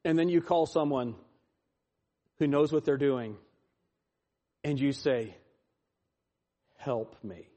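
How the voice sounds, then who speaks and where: A man preaching a sermon, swinging from loud, pleading lines to hushed, quiet ones. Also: a little high, slow, pauses often. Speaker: pastor.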